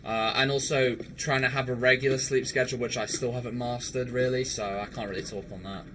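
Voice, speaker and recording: A man's voice: mid-range voice, steady tone, a little fast, fairly bright tone, slight background noise. A young man chatting casually with viewers on a live game stream, laughing often and swearing now and then.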